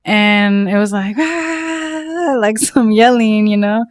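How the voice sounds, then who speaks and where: Woman doing a storytime vlog, slow, dry close mic, lots of "like" and cussing. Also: mid-range voice, clear, resonant tone, dry recording. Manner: animated, swears, lots of "like". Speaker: storytelling vlogger. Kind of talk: casual storytime.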